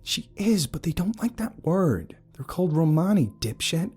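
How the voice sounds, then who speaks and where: A male narrator voicing a brash, teasing young woman who works as a tour guide, bossy and sharp-tongued. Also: on the high side, very animated, moderate pace, breathy edge, pitched above the performer's own voice.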